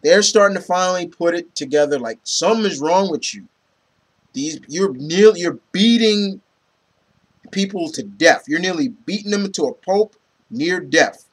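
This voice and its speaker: Rambling man reviewing comics, fairly high voice. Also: lively intonation, normal speed, breathy edge. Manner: rambling, lots of "you know" and "um"; retells scenes, quoting characters. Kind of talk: casual review talk.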